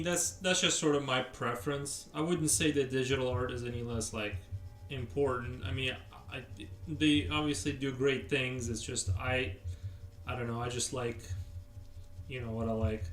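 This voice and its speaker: A man's voice: medium pitch, fairly even intonation, moderate pace, fairly bright tone. A man chatting casually on a live stream while he sketches, rambling as he answers viewers' chat. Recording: roomy, distant mic, faint music.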